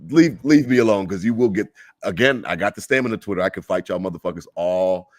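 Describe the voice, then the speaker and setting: Low-voiced male podcast co-host, fired-up fan rant, dry close sound. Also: quick pace, no room sound. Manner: animated, heated fan rant. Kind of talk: casual sports podcast chat.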